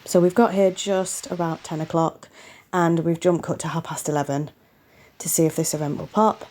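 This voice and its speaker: Lower-voiced woman narrating a game playthrough. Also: steady tone, normal speed, a little mellow, slight background noise, rough recording. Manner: chatty, exclaims in exasperation at herself. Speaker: gaming channel host.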